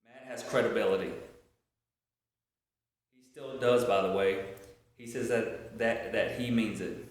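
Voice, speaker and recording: A man reciting a speech as a story, in a slow, halting way with frequent restarts, recorded on a webcam. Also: on the low side. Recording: very echoey room.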